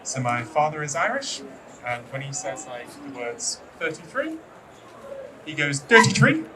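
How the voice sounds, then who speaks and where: A British man leads a classroom lesson in a loose, chatty way, hesitating with frequent ums and playfully teasing the class. He sits at a middling pitch and sounds set back from the mic, with clear room noise behind him. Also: normal speed, pushed and bright, distant mic, poor audio. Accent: British English. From Britain. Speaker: English teacher.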